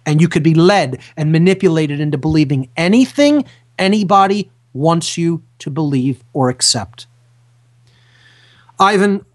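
A man hosting a talk radio show who speaks emphatically, repeating key phrases in a lecturing manner. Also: on the high side. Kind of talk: impassioned talk radio monologue.

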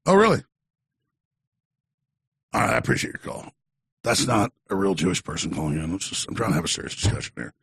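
A man's voice: deep voice, very animated, brisk, creaky, pauses often, a bit bright, breathy edge, no echo, clean studio sound. A male talk radio host taking calls, blunt and intense, who questions callers and mocks them.

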